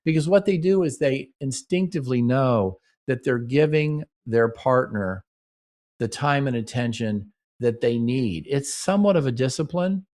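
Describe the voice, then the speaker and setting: In a medium-pitched, slightly mellow voice, a middle-aged man hosts a radio-style show offering relationship advice. He speaks earnestly and performs little mock conversations between partners.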